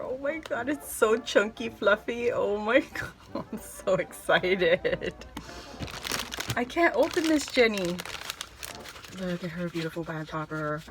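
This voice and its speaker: A woman vlogger chatting casually as she unboxes a craft gift, gushing with excited exclamations. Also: medium pitch, takes it slowly, background noise. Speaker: craft vlogger opening mail.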